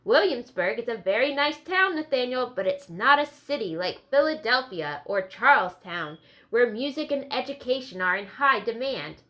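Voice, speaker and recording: A woman's voice: on the high side, animated, normal speed, pushed and bright. A woman voicing a fretful, timid schoolmaster man in an audiobook reading, talking on nervously. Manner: rambling, nervous.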